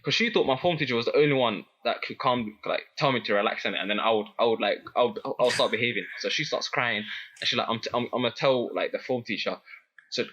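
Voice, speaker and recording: A young man tells a story in casual chat. His voice is bright and a little husky, and he trips over his words and laughs as he goes. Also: medium pitch, fast, dull audio. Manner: animated, laughing, many restarts. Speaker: guest.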